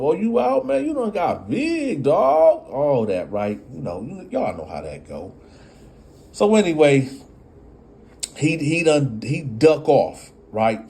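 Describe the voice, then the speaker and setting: Man, storyteller, casual, talks to viewers, mellow dark tone. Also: on the low side. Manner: conversational, addresses the audience.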